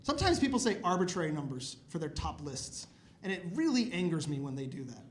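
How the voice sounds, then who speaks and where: A man in his thirties doing a stand-up comedy set in a comedy club, with animated, exasperated ranting that climbs to loud outbursts. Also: a little high, brisk. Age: 30s.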